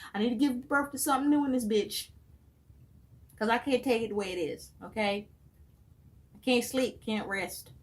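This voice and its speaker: A woman with a fairly high voice doing a tarot reading. She talks casually and bluntly, swears constantly and addresses the viewer directly with lots of emphasis. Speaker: tarot reader.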